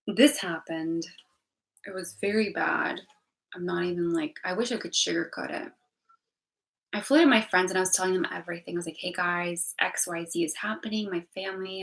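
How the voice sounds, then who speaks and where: A woman's voice: fairly low pitch, steady tone, fairly quick, fairly bright tone, low-quality recording. A young woman vlogging candidly about a hard year, rambling emotionally with many restarts and repeated words. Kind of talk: candid personal vlog talk.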